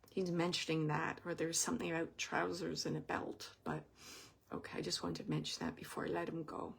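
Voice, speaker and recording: Husky-voiced woman medium, gentle and soft. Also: low voice. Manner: gentle, meandering, relays messages with soft asides. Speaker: medium giving readings. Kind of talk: live spirit reading for audience members.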